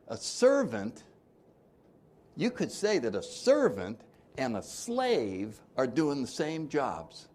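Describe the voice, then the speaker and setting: Animated joking older man. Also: mid-range voice. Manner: joking, conversational, asks the audience questions. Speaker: recovery workshop speaker. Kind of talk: informal recovery talk.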